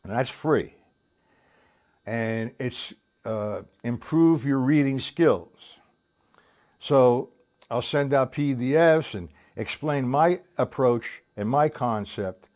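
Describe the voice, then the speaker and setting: A man whose voice is mid-range and darkish takes his time teaching a live-streamed drum lesson, tired after a night without sleep. He rambles loosely and counts the beats aloud, a drum kit playing in the background.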